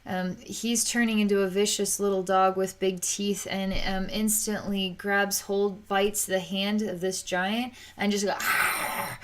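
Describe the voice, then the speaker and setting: Halting, soft-spoken woman psychic. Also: mid-range voice, level tone, slight background noise. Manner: halting and searching, with frequent restarts. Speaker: psychic reader. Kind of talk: narrating a psychic vision in real time.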